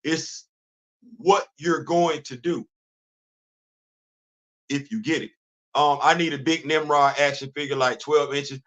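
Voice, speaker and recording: Middle-aged male host, high-pitched, lively and repetitive delivery, casual livestream talk. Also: slow, long pauses. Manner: animated, repeats himself, self-questioning asides. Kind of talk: casual solo livestream chat. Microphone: livestream studio setup.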